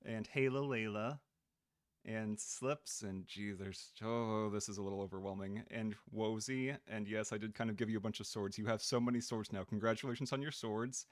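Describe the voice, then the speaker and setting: A man live-streaming a video game in casual chat, goofy and excitable, swearing and greeting his chat by name. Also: on the low side, normal speed, no echo, studio quality. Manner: goofy, excitable, swears, drops into silly voices.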